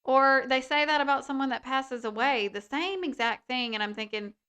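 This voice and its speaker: Podcast co-host: woman, fairly high voice, animated and indignant, casual chat. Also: normal speed, clear, resonant tone.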